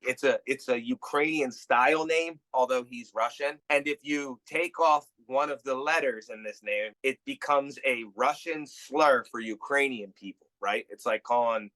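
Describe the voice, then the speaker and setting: A man co-hosting a podcast, telling a story in a slangy, animated way. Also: mid-range voice, normal speed, few pauses, no echo, poor audio. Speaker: podcast co-host. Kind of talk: casual podcast chat.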